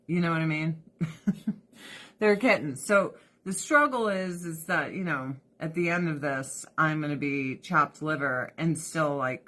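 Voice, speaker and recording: A woman's voice: deep voice, fairly bright tone. A woman vlogger chatting casually to viewers, emotional and rambling, laughing often and swearing freely. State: weepy, emotional. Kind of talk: casual livestream chat.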